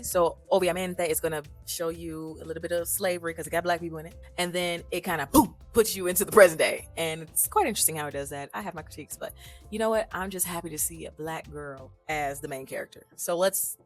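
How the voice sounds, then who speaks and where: A young adult woman talking casually in a language-learning vlog. She is animated and chatty, laughs often and slips into quick put-on voices when quoting people. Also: on the low side.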